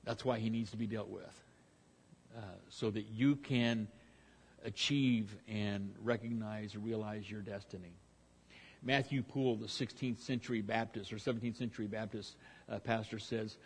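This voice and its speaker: A man's voice: fairly low pitch, fairly even intonation, normal speed, husky. Man teaching a Bible passage, informal. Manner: conversational, with frequent restarts and fillers. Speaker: preacher.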